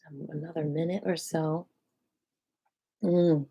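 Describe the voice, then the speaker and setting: A woman guiding a livestreamed qigong class, speaking slowly and soothingly with gentle affirmations. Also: low-pitched, level tone, gravelly, husky. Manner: soothing, slow, affirming guidance with sudden loud bursts. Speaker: qigong and voice teacher.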